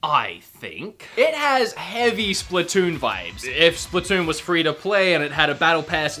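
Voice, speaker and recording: A man presenting an upbeat video game review, chatty and self-mocking, quick to laugh. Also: high-pitched, bright, forceful tone.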